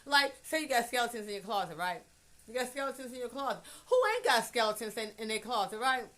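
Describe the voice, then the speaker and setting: Woman ranting to camera, kinda high bright voice, cusses a lot, goes soft then loud. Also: fast talker. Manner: emphatic, swings from hushed to loud; profane, blunt. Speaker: vlogger. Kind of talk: casual personal monologue.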